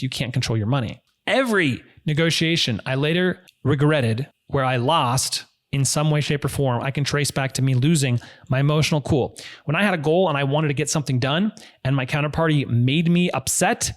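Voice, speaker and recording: A man coaching viewers on negotiation in a direct, emphatic instructional talk, often repeating key phrases. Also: medium pitch.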